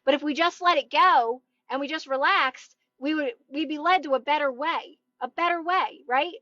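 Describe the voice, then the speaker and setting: Woman, high voice, upbeat chatty live-stream coach, dry lo-fi phone sound from a parked car. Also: moderate pace, bright, forceful tone, dry recording. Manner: encouraging, chatty, often asks "right?". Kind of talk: casual live-stream motivational chat.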